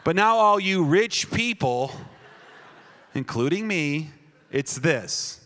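Playful preacher from Wisconsin, bright, a bit high, reverb of a church hall. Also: male voice, expressive, takes it slowly. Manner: playful, shifting from jokes to earnest preaching. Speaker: pastor. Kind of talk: comedic sermon storytelling. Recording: echoey hall.

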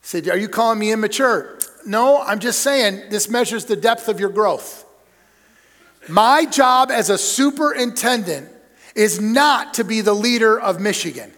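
Long hall reverb surrounds a middle-aged church superintendent as he delivers a sermon-style talk on leadership. He preaches emphatically, using punchy lists and acting out anecdotes, in a high, animated, fairly bright voice that stays unhurried.

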